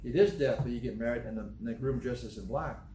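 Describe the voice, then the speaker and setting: A man's voice: mid-range voice, brisk, warm tone, a little hiss or hum. A man preaching a sermon, emphatic and repetitive, asking rhetorical questions. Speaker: pastor. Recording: echoey room with faint ambience.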